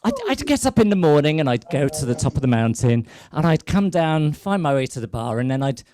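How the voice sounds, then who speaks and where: A man's voice: a little high, sing-song, fairly quick, crowd noise. A man hosting a live online show as a drag queen, telling rambling, sweary comic stories into a mic on a stand and laughing at his own jokes. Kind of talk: casual comic storytelling. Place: home set during lockdown. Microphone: microphone on a stand.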